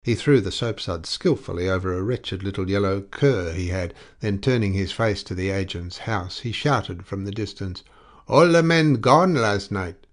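A man narrating a classic short story as an audiobook, in a measured, deliberate way. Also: sits low. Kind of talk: scripted narration.

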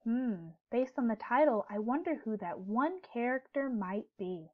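Woman, teacher, read-aloud lesson for young kids, gentle, clear questioning, dull lo-fi recording. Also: a little high, animated, normal speed.

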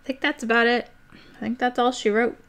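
A young woman chatting casually and excitably about board games on her live stream, rambling with fillers. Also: on the high side, a little fast.

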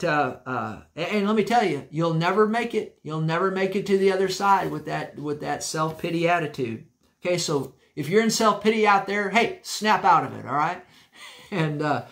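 High-voiced, emphatic male preacher. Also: fairly bright tone. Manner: emphatic and folksy, repeating key phrases, frequent restarts. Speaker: pastor. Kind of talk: sermon. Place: church.

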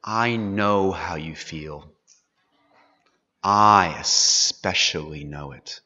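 A man voicing an aged, resigned patriarch father who speaks softly and slowly, dropping to a hush. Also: deep voice, pitched below the performer's own voice, exaggerated voice. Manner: soft, slow, falling to a hush. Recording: dull, echoey hall recording.

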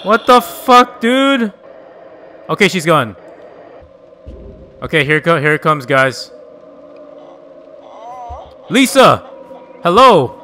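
A man's voice: fairly high pitch, big pitch swings, takes it slowly, pauses often, bright, forceful tone, slight background noise. A man streaming a horror game live, talking to his chat, swearing often and shrieking when startled. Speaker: gaming streamer. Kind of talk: live gameplay reaction.

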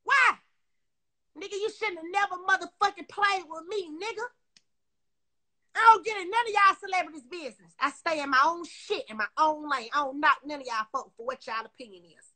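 A woman with a very high, sharp, piercing voice goes off on a livestream in an angry rant. She is profane and confrontational, all fired up, and talks straight into her phone mic. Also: brisk. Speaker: social media personality. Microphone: phone on a live stream.

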